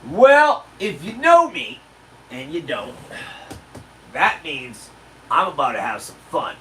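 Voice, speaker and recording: A man's voice: on the high side, sing-song, takes it slowly, sharp tone, recorded from a distance, slight background noise, poor audio. A man telling a crude, boastful story casually on his livestream. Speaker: livestream host. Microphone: handled desk mic.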